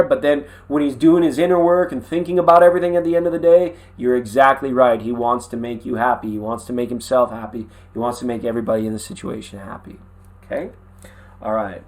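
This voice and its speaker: Tarot reader on a live stream, rambly and chatty, lots of slangy asides. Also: mid-range voice. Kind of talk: casual live tarot reading.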